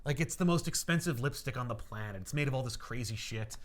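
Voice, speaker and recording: A man's voice: medium pitch, expressive, quick pace. A man co-hosting a casual podcast, animatedly recapping a comic story with laughs and fillers. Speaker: podcast co-host.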